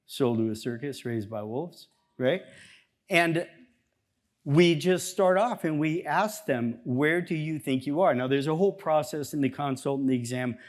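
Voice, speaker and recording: A man with a mid-range voice plays a chiropractor giving a seminar, addressing a live audience in the room. He's energetic and conversational, acting out snippets of dialogue as he goes.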